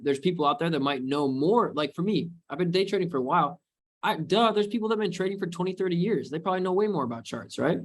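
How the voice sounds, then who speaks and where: This is a man in the middle of a live webinar, talking to his viewers as a trading coach. His delivery is casual and meandering, with frequent "you know"s. He keeps drifting into spiritual, motivational musings. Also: medium pitch. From United States.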